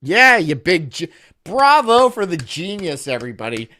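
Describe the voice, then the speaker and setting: A man's voice: sits high, sing-song, a little slow, a bit bright, pitched above the performer's own voice, full character voice. A man putting on the voice of a smug, sarcastic self-help guru giving a mock pep talk. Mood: mock-rousing.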